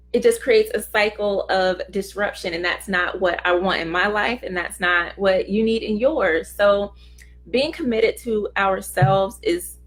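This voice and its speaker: A middle-aged woman hosting a casual motivational talk, speaking earnestly and conversationally and acting out short quoted remarks. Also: mid-range voice. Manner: earnest, conversational, acts out little quoted voices. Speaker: host of a self-help talk.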